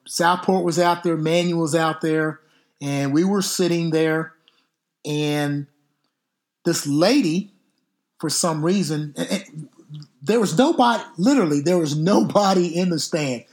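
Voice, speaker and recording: A middle-aged man, a football coach hosting a podcast, telling stories casually in an unhurried, drawn-out way with some mild cursing. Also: on the high side. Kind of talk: casual storytelling.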